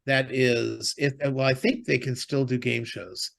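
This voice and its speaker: A man's voice: mid-range voice, fairly even intonation, unhurried, vocal fry. A man co-hosting a podcast, chatting casually about TV shows and movies, rambling with lots of fillers and restarts. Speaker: podcast co-host.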